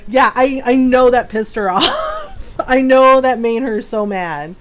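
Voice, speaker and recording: A woman's voice: high voice, sing-song, slow. A woman streamer telling stories in casual chat, laughing often and acting out the voices of people in her stories.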